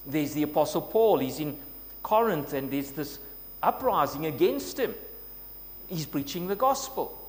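A man's voice: a little high, lively intonation, a little slow. Earnest male preacher in a reverberant hall. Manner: earnest, builds to emphatic quoting of scripture. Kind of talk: sermon. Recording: long reverb, faint noise with hum.

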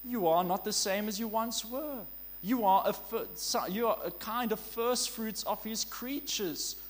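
A man preaching with a notably high voice. He speaks earnestly and with emphasis, and he slows right down to stress the phrases that matter. A faint hum runs under the sermon.

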